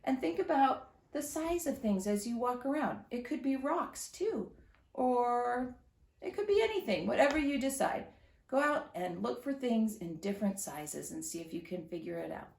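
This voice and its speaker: A woman reading a story to young children at home, animated and sing-song, often asking her listeners questions. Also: a little high, moderate pace, creaky. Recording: echoey room.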